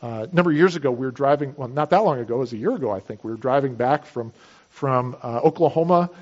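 A man's voice: medium pitch, quick pace, dull audio. A man preaching a sermon in a conversational manner, explaining with everyday illustrations. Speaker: pastor.

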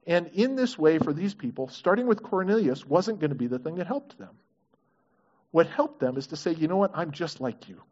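A man's voice: high-pitched, very animated, moderate pace, a little mellow. A man preaching a sermon, asking his congregation questions in an earnest, engaged way. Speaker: pastor. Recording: dull lo-fi recording.

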